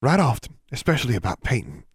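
A man's voice: medium pitch, sing-song, fast talker, slightly rough, no echo, clean studio sound, pitched above the performer's own voice, exaggerated voice. A man reading the lines of an affectionate teenage girl in an audiobook, lifting his voice a little. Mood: fond. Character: affectionate teenage girl, the heroine's warm sister.

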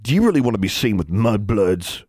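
A man's voice: on the low side, fairly quick, a little mellow, dry recording, studio quality, voice pushed up, natural voice. A man voicing an arrogant, sneering older teen boy who talks in old-fashioned backwoods speech.

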